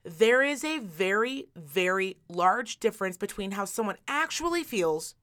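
A woman hosting a podcast, telling stories in a casual, animated way, repeating words for emphasis and swearing freely. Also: medium pitch, unhurried. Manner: animated storytelling, emphatic repetition, profane. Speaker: podcast host. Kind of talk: casual chat.

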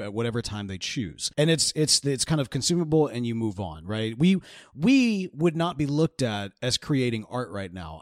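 A man hosting a podcast, telling a history story casually, jokey and animated, acting out quoted voices. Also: medium pitch, dry recording, studio quality. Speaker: podcast host.

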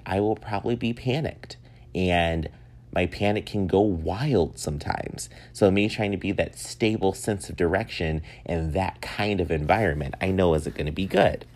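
A man in his thirties hosting a solo podcast, chatting in a rambling, easygoing way and laughing often. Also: low-pitched. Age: 30s. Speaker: podcast host. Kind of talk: casual solo podcast monologue.

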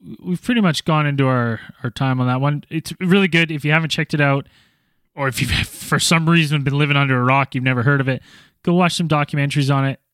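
A man's voice: a little high, fast talker, fairly bright tone, clear, resonant tone, no room sound, clean studio sound. A man co-hosting a casual podcast, reading out listener reviews and plugs in a laid-back way. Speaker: podcast co-host.

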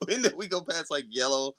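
A man co-hosting a casual podcast, reacting to his co-host in an animated, chatty way. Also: on the high side, normal speed, no echo. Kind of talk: casual chat.

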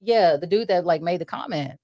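A woman co-hosting a casual chat, telling a story in an animated, profane way and acting out what people said. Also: lowish voice, a little fast, no room sound, lo-fi sound. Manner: animated, profane, acts out quotes. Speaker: co-host.

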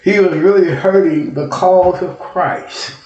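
A male preacher delivers a slow, emphatic sermon, his voice pitched a bit high. He often repeats words and corrects himself as he reads scripture, and the room around him is echoey. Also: darkish tone, lo-fi sound.

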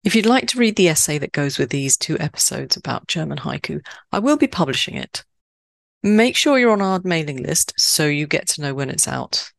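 A woman from Switzerland hosting a poetry podcast in scripted narration, stressing key words with sudden high leaps. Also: big pitch swings, normal speed, creaky, no room sound.

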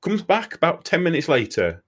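A man's voice: fairly high pitch, moderate pace, husky. A man telling a crude comic story in casual chat, swearing freely. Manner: animated, swearing, laughing storyteller.

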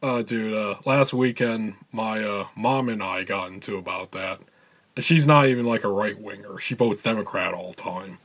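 A man speaks as a podcast guest in a relaxed, casual chat. His tone is wry, and he jokes and agrees along with the host. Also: on the low side, moderate pace. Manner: wry, joking, laughs along.

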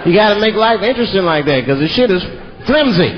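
A stand-up comic from Washington, D.C., talking high and lively as he slips into mimicked voices. He works a theater stage, heard on a dull, muffled live recording. A loud audience and heavy noise fill the room behind him. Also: fast talker, crowd noise. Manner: animated, jumps into mimicked voices. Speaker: stand-up comedian. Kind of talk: stand-up comedy set.

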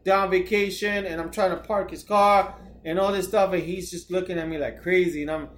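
A high-pitched man co-hosts a casual podcast. He rambles through his stories with plenty of swearing and pokes fun at himself. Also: fairly even intonation, a little fast, fairly bright tone. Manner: rambling storyteller, swears a lot, self-mocking. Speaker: podcast co-host.

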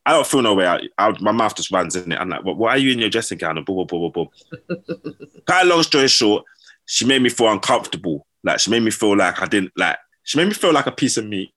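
Telling stories in a slangy, animated way, this man acts out other people's quotes. His voice is lowish and his pace quick.

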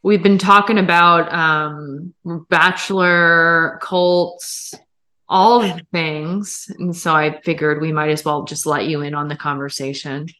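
A woman co-hosting a podcast conversation, relaxed and joking. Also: sits low, slow, faint music behind. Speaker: podcast co-host. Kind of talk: casual conversation.

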